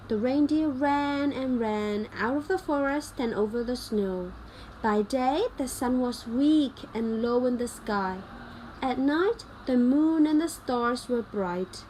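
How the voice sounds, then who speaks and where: A woman reads a graded-reader fairy tale aloud. Her voice is high and she speaks slowly and carefully. Each word comes out clear. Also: a little mellow, a little hiss or hum, low-quality recording. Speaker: narrator. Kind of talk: graded-reader story narration.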